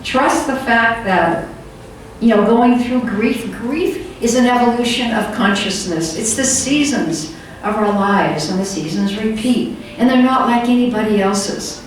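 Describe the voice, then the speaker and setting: An older woman tells stories at a conference in a chatty, unpolished way. Her voice sits a little high. It carries from a distance through a very echoey hall with faint room noise. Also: animated, measured pace. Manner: storytelling, conversational, many fillers. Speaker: conference speaker. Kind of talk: conference talk.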